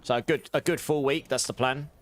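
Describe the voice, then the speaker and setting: A man's voice: medium pitch, fairly even intonation, fairly quick, a little hiss or hum. A young man livestreaming a game, chatting casually with his viewers and thanking them, his voice a little sore. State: slightly sore voice. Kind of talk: casual gameplay chat with viewers.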